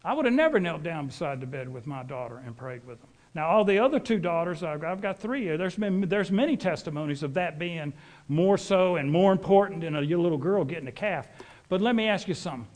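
A man's voice: a little high, animated, fairly quick, darkish tone. A middle-aged man, preaching a sermon as a folksy, rambling storyteller.

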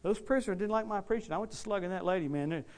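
A middle-aged American man preaching and telling stories, swinging between loud outbursts and hushed asides. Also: sits high, quick pace. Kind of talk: sermon storytelling.

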